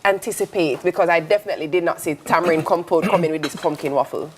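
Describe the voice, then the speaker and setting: A woman's voice: on the low side, fairly even intonation, fast, a little hiss or hum. A woman hosting a morning television show, chatting playfully and laughing with her guests. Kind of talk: lively live TV chat.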